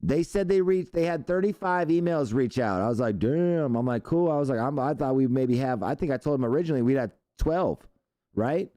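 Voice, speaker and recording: A man's voice: mid-range voice, expressive, brisk, dark tone, no room sound. A man hosting a live stream, chatting loosely and profanely while he reads out viewer comments. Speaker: show host.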